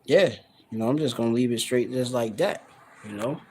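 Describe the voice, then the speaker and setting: A man in a casual scripture study, loose and conversational, reading verses slowly and sounding out words to define them, recorded on a handheld phone. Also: mid-range voice, a little hiss or hum, poor audio. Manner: loose and conversational, heavy on "you know" and "all right". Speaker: Bible teacher. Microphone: handheld phone camera, no tripod.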